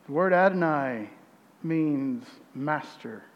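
A man preaching a sermon as pastor, reading scripture with emphasis, his voice swelling loud and then dropping quiet. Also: a little high, expressive, takes it slowly, in a large hall, muffled recording.

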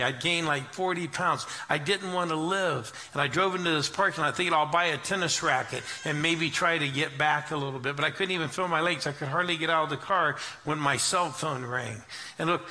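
A middle-aged man, a pastor, telling his story in a sermon in an earnest way and going quiet when he quotes others. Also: a little high. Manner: earnest storytelling, drops to hushed tones for quotes. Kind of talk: sermon testimony.

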